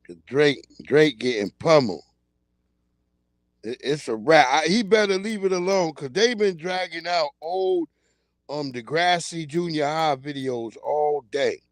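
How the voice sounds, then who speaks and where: A man hosting a livestream, chatting in a casual comedic way, laughing often and acting out loud yelled quotes. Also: a little high, expressive, unhurried, no room sound. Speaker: livestream host.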